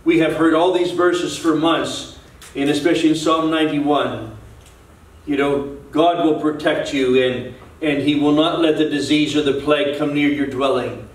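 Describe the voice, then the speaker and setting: Man, pastor, earnest sermon with repeated restarts, a slightly high voice, standing back from the mic in a roomy church. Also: recorded from a distance. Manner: earnest, repetitive preaching with restarts. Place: church sanctuary.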